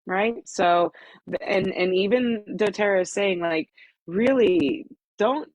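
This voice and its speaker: A woman's voice: mid-range voice, takes it slowly, a little mellow, no room sound, low-quality recording. A woman on a group video call, giving encouraging, reassuring advice to her team.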